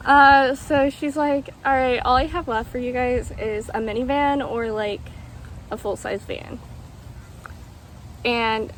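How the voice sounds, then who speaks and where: A woman's voice: on the high side, low-quality recording. A young woman vlogger telling a story casually, rambling with lots of ums and acted-out quotes. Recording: faint background noise.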